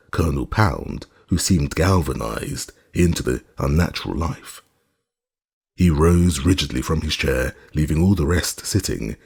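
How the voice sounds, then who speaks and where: A man reads a classic story in a very deep voice, gravelly with vocal fry. His tone is husky and breathy, his delivery measured and even. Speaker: audiobook narrator. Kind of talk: scripted narration.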